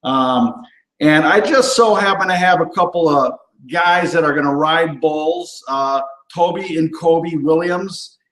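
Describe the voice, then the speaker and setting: An upbeat man hosts his cooking show in a loose, rambling chat full of fillers and asides. His voice sits a bit high. It sounds roomy and echoey. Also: measured pace, fairly bright tone. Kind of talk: casual on-camera chat. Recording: roomy echo.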